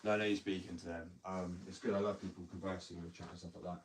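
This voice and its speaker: A man chatting casually on a live stream from his workshop, rambling, excitable and quick to laugh at himself. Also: low voice. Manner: rambling, excitable, self-mocking. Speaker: skateboard maker live-streaming to chat. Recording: distant mic, faint noise.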